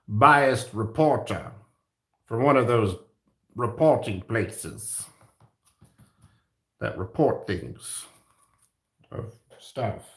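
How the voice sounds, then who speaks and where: A man's voice: mid-range voice, vocal fry, reverberant. A middle-aged man chatting casually while he works on a craft project, rambling and joking at his own expense. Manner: rambling, self-mocking, jokey. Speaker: art channel host.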